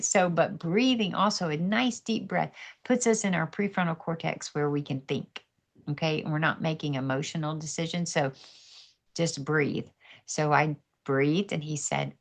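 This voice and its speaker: A middle-aged woman sharing a personal faith testimony on a podcast, earnest and animated, acting out her own inner dialogue. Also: deep voice, gravelly.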